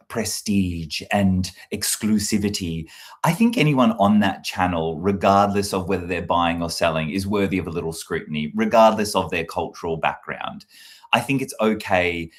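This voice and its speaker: A man, a comedy content creator talking casually to camera in a rambling, reflective way, full of fillers and restarts. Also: low-pitched. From Australia.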